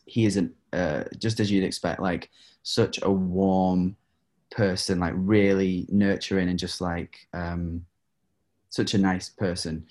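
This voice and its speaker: A man, a singer, telling stories in a casual interview, full of fillers and laughs. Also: low voice. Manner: animated, laughs often, many fillers. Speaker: guest singer.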